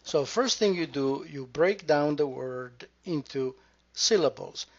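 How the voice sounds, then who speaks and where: Slow, careful male language teacher. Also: on the high side, expressive. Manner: careful, repeats words slowly to model sounds. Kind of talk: slow, deliberate pronunciation lesson. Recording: dull lo-fi recording.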